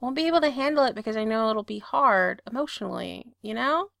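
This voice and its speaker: A woman voicing an earnest grown man in a read-aloud story, speaking quietly and evenly. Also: extremely high pitch, creaky, no echo, clean studio sound, heavily acted. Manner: quiet, measured, even. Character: adult man, recovering addict, earnest.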